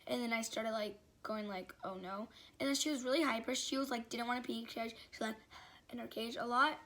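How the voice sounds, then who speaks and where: A woman's voice: on the high side, steady tone, fairly quick, a bit bright. A young woman telling a personal story in a casual, rambling way, full of fillers and restarts. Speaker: vlogger.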